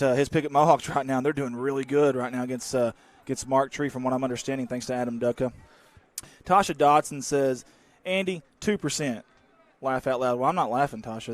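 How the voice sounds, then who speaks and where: A man calling a local high school football game, folksy and excitable, bursting into shouts on big plays. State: out of breath. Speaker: play-by-play announcer.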